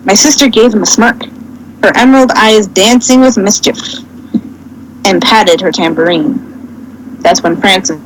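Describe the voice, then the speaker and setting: A woman's voice: mid-range voice, a little slow, pauses often, a little hiss or hum, low-quality recording. A woman reading a fanfic aloud as a podcast co-host, casual and comedic, often stumbling and correcting herself.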